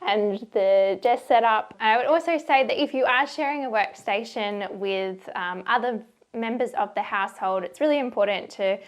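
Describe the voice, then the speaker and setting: A woman's voice: on the high side, moderate pace. A young woman presenting a workplace safety video in a friendly, chatty instructional way. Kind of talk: casual instructional talk.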